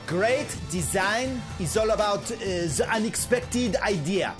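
A flamboyant French designer. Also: male voice, sits high, lively intonation, pitched above the performer's own voice. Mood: grandiose. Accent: put-on French. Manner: slow, drawling, theatrical pauses. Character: flamboyant male French designer, over the top. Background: music.

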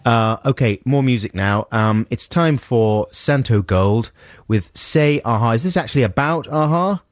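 A man's voice: mid-range voice, measured pace, no room sound, studio quality. A man co-hosting a radio show, chatting in a jokey, rambling way. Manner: jokey, rambling, lively banter. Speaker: radio host. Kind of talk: casual radio chat. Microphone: studio mic.

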